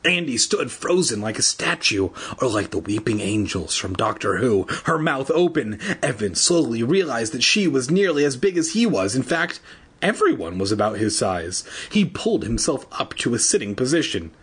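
Husky man reading a kids' book aloud. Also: mid-range voice, sing-song, normal speed, a bit bright. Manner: casual, adds joking asides, laughs at his own slips. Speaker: reader. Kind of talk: casual read-aloud of a children's book.

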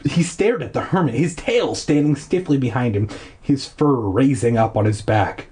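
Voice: medium pitch, expressive, normal speed, warm tone, breathy edge. A reader narrating a children's horror book aloud, breaking off now and then for sarcastic asides.

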